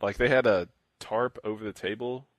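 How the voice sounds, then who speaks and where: A man's voice: fairly low pitch, fairly even intonation, normal speed, no echo. A young man co-hosting a podcast in casual chat, rambling through a story and acting out what other players said. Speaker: podcast co-host.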